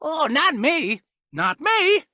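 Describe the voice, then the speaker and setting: Two tiny, playful storybook mice chatter in squeaky, excited voices, as a woman acts them out. The voice sits very high and bright and swoops widely as it draws out each word. The recording is dry and close. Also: slow pace, dry recording, exaggerated voice.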